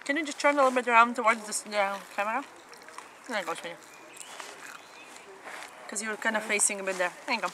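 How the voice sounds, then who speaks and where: A woman's voice: mid-range voice, fast, long pauses. A woman hosting a casual family eating show, chatting enthusiastically between bites with lots of mm-hmms, sitting on the ground outdoors at a festival. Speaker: family channel host. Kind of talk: casual mukbang eating chat. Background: faint festival noise.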